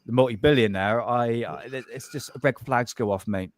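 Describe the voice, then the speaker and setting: A man's voice: medium pitch, normal speed, no room sound. Dry-sounding man with a Southwest English accent. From Southwest England. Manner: rambling, restarts often, says "mate". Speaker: co-host. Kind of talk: casual live-stream chat.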